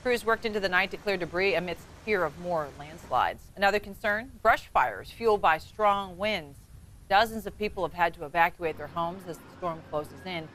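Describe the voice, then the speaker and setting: A woman anchoring a weekend morning newscast, reading stories briskly with chatty asides, from a TV studio. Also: fairly low pitch, expressive, fairly bright tone, a little hiss or hum. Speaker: news anchor.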